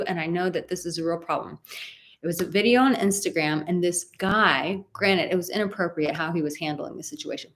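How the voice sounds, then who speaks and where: Emphatic woman coaching in a live stream. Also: mid-range voice. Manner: emphatic, rambling with tangents. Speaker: dating and relationship coach.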